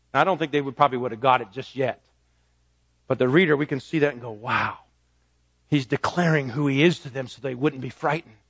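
High-voiced preacher man, emphatic. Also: no echo, dull audio. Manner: emphatic preaching, swinging between ringing declarations and soft low asides. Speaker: pastor. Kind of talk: sermon.

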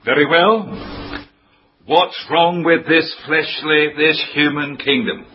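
A man preaching a sermon, emphatic and declaiming key phrases loudly. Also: a little high, slow pace. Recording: dull lo-fi sound with faint noise.

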